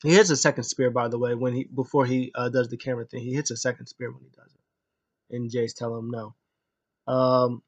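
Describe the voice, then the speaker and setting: A man's voice: medium pitch, little pitch movement, normal speed. A man recaps a wrestling match play by play in a loose, unscripted way. He rambles and restarts his sentences. Uh fillers pepper his talk. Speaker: wrestling show reviewer.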